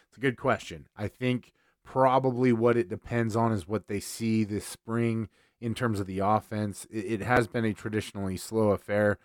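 A man's voice: fairly low pitch, steady tone, moderate pace, dry recording, studio quality. A man hosting a sports podcast in casual talk, conversational and repeating words as he starts sentences.

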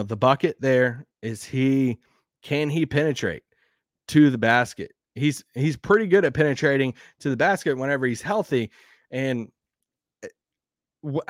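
A man with a Southern accent hosting a sports podcast, rambling and animated, laughing now and then. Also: medium pitch, dry recording, clean studio sound. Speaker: podcast host. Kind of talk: casual sports talk.

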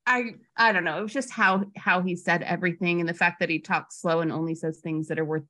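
A woman's voice: lowish voice, fairly even intonation, a little fast, pushed and bright. A woman in a casual film discussion, hesitant and giggly, often searching for words. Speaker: podcast co-host.

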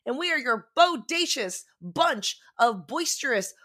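A woman's voice: sits high, sing-song, unhurried, fairly bright tone. A woman hosting a quiz podcast, chatting playfully and loving alliterative wordplay. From San Francisco Bay Area. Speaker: quiz show host. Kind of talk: casual podcast chat.

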